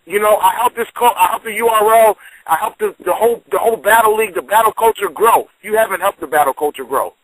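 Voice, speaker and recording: A man's voice: high voice, quick pace, hardly any pauses, fairly bright tone, a little hiss or hum, poor audio. A man, a battle rapper, in a heated radio argument, confrontational and stammering over his repeats.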